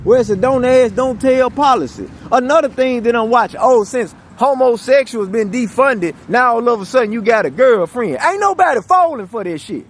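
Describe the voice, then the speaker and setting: A man's voice: very high voice, animated, moderate pace, hardly any pauses. A man delivering a profane, rambling monologue, repeating himself and stumbling over restarts. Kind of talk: ranting monologue.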